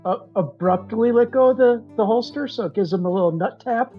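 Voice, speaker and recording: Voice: mid-range voice, fairly quick, dull audio, soft background music. A player in a tabletop game, talking in a giggly, playful way. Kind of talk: casual tabletop game chat.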